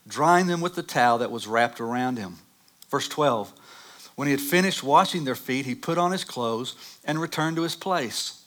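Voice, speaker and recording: A man preaching a sermon, reading scripture and telling animated personal stories that rise loud at dramatic moments. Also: on the high side. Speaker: pastor.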